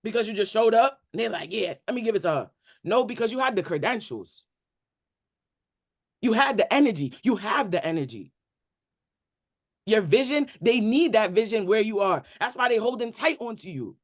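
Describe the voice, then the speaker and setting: A man's voice: high-pitched, expressive, normal speed, long pauses. A man speaking on a group coaching call, giving an emphatic, repetitive motivational talk in casual slangy speech. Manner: emphatic, repetitive, preacher-like build-ups. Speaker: community member on a coaching call.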